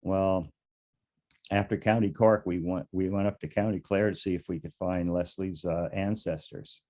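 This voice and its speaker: Low, mellow-voiced man telling stories. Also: steady tone, normal speed. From United States. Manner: rambling, chuckling, with frequent restarts. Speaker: interview guest, beekeeper. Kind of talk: casual storytelling interview.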